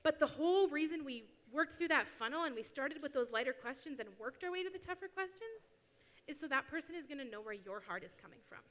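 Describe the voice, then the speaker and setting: A young woman, a youth speaker at church, gives a casual, animated sermon talk, now and then slipping into quoted voices. Her voice is bright, a bit high and a little fast, ringing with a long reverb in the church hall.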